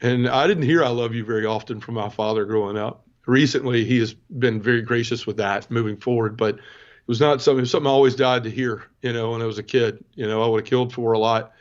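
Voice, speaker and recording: A man in his forties tells his story as a guest, earnest and conversational, his pitch sitting in an ordinary middle range. The sound is dull and a little lo-fi. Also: fairly even intonation, quick pace. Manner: earnest, conversational, addresses the host often. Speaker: podcast guest. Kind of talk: personal testimony storytelling.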